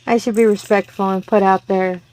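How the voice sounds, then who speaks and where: A woman's voice: mid-range voice, steady tone, brisk, a little mellow, dry recording. A middle-aged woman, chatting casually to her viewers on her crafting channel, rambling and correcting herself as she goes. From Texas, US. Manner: rambling, self-correcting, friendly.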